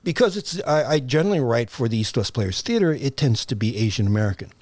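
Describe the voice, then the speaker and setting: An older playwright, a guest on an interview show, tells stories reflectively in a conversational exchange, with lots of fillers and restarts. His mid-range voice is animated, quick, and a little mellow, with no room sound.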